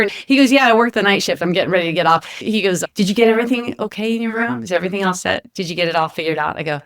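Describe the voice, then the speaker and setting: A woman co-hosting a podcast, telling a lively story in casual chat and acting out the voices of the people in it. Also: mid-range voice, very fast, few pauses, dry recording, studio quality. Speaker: podcast co-host, flight attendant. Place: home kitchen.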